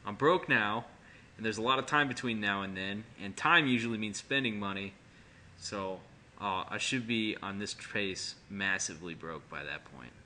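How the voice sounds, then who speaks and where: Bright-voiced joking man chatting. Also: fairly low pitch, normal speed, slight background noise. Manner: joking, rambling with restarts. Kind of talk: casual chat.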